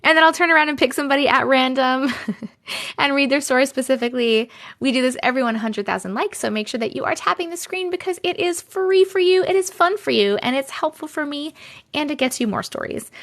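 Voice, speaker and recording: A woman's voice: high-pitched, fairly bright tone. A woman with a New York accent hosting a casual livestream chat from home on a phone, giggly and playful. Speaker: livestream host.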